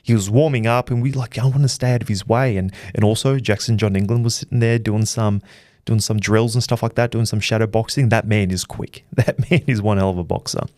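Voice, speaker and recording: Brief: male host, low voice, casual rambling recap, dry close mic. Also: steady tone, a little fast, a little mellow, no echo. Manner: chatty storyteller, many fillers and restarts. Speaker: boxing channel host.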